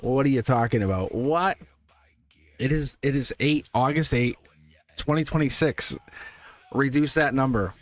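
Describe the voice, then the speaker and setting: A man's voice: mid-range voice, measured pace, long pauses. A middle-aged man reading tarot live, chatting casually, laughing often and repeating himself. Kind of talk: casual live-stream chat. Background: test music.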